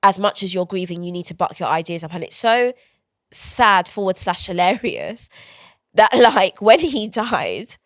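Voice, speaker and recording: In a dry studio recording with clean sound, a woman with a mid-range voice talks a little slowly. As a guest author in a podcast interview, she tells personal anecdotes openly and animatedly, voicing what others said in quoted asides.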